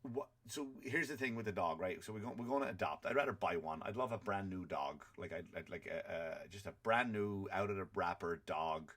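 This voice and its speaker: A man's voice: deep voice, expressive, fairly quick, few pauses, fairly bright tone. A man hosting a comedy podcast, ranting in a profane, conversational way. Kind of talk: comedic rant.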